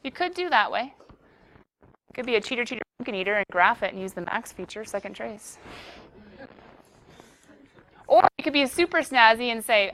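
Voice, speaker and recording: Young female math teacher, a touch high-pitched, chatty and joking with her class. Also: expressive, normal speed, long pauses, a bit bright, slight background noise. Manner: playful, teasing, chatty with students.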